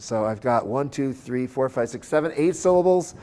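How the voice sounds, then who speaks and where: A man's voice: on the high side, expressive, fairly quick, hardly any pauses, darkish tone. A man lecturing at a conference on church music. He explains step by step, keeps checking in with "okay?", and breaks into short sung chant examples. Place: conference center.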